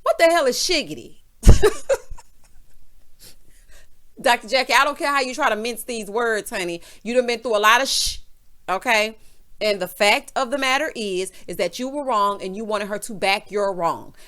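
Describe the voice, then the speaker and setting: Sassy, gossipy woman with a higher voice. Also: moderate pace, bright, forceful tone. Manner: sassy, gossipy, speaks to the audience directly. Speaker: TV show recap vlogger. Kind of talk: casual commentary.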